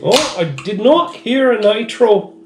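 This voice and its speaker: Casual male beer reviewer, joking and enthusiastic, slightly high voice, echoey room. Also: expressive, slow pace. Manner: joking, chatty, describes beer with relish. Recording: echoey room with faint noise.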